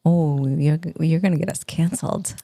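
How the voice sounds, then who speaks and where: A woman's voice: deep voice, mellow, no echo. A woman, co-hosting a podcast in casual, laughing chat. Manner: chatty, laughs often, quick back-and-forth. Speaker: podcast co-host.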